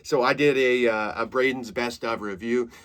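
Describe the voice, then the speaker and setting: Animated man telling stories. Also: medium pitch, moderate pace. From Saskatchewan, Canada. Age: 30s. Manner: animated, swears freely, laughs through his own stories. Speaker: comedian podcast host. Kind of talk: casual comedic storytelling.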